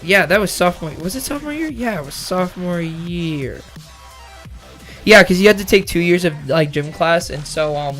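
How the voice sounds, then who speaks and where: A man's voice: a little high, fairly bright tone. A young man casually telling a rambling story about his school year, often correcting himself and swearing. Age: young adult. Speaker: vlogger.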